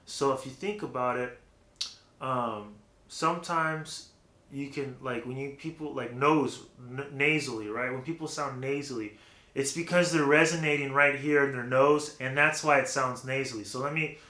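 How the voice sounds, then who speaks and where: A man's voice: mid-range voice, steady tone, normal speed, pushed and bright. A man giving a casual, rambling vocal technique lesson, full of fillers, who breaks off to demonstrate different voice placements. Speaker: vocal coach. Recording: roomy echo.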